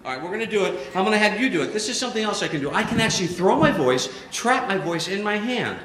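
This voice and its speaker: A man's voice: high voice, expressive, fast, a bit bright. A man performing a stand-up ventriloquism act on stage, playful and jokey, chatting with a volunteer from the audience. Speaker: ventriloquist comedian. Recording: roomy live venue with crowd.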